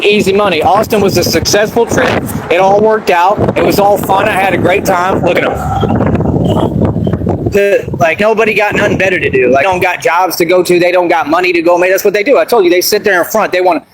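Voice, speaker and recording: A man ranting on a livestream, bragging in street slang and asking over and over whether you understand. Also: high voice. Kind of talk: boastful livestream rant. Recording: noisy livestream audio.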